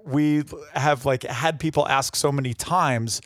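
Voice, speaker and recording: An easygoing man co-hosting a casual podcast, telling stories at a middle pitch. The recording is dry and close. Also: measured pace, fairly bright tone, no echo. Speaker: podcast co-host. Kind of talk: casual chat.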